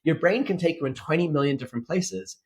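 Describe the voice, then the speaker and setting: Man, podcast host, coach, husky, fast talker. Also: a little high. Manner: animated storyteller, acts out quotes. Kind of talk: casual podcast chat.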